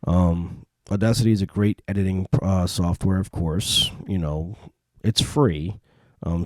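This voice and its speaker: A man hosting a solo podcast, chatting in a relaxed, rambling way with many fillers. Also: low voice, no echo. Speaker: podcast host. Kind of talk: casual solo podcast talk. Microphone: home podcast mic.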